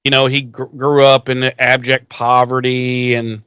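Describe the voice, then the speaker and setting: A man's voice: medium pitch, little pitch movement, unhurried, pushed and bright, clear, resonant tone, dry recording. A man co-hosting a podcast, casually recapping an episode, laughing and swearing as he acts out the lines. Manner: laughing, profane, retells scenes in quoted voices. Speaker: podcast co-host.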